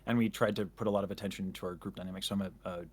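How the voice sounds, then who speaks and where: A man's voice: low voice, fairly even intonation, racing, husky. A man chatting casually as a guest, rambling and self-interrupting with jokes. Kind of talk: casual chat.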